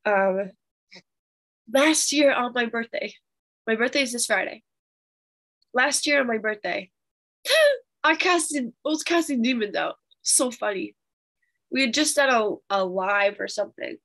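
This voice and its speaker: A young woman teaching a Bible study, telling a testimony in an animated, chatty way with fillers. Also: a little high, moderate pace, long pauses.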